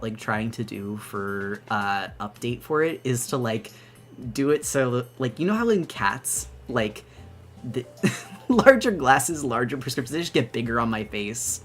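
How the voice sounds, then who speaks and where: Brief: young woman streamer, bubbly and gushing, lively up-and-down pitch, faint music underneath. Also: unhurried. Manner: bubbly, gushing, rambling with restarts. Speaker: VTuber streamer. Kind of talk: excited casual live-stream chat.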